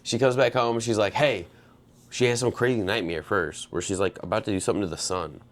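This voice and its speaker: A man's voice: fairly low pitch, steady tone, a little fast. A man co-hosting a casual movie review podcast, retelling the plot and acting out the characters' lines. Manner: retells plot, acts out characters, drops to a hush. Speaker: podcast co-host.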